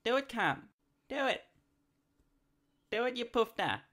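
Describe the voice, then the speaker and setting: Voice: mid-range voice, sing-song, unhurried, fairly bright tone. Someone doing a crude, lost Aussie woman passenger. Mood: indignant. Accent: Australian. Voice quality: crude, bickering. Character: crude confused female passenger looking for the dole office. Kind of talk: fan dub of an animation.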